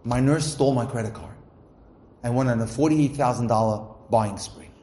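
A man giving a religious inspirational talk, reading Hebrew passages and translating them line by line in a lively storytelling manner. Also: mid-range voice, moderate pace. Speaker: lecturer. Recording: echoey room with faint noise.

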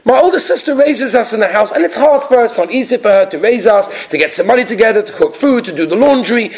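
A man's voice: high-pitched, lively intonation, fast, darkish tone, pitched above the performer's own voice. A man voicing an earnest young girl who eagerly explains herself.

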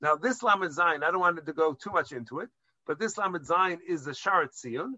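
A man's voice: fairly high pitch, expressive, normal speed, bright, forceful tone, dry recording, dull audio. A man giving a Jewish law lesson to a class, explaining step by step and mixing Hebrew terms into English, with some hesitant restarts. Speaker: rabbinic lecturer.

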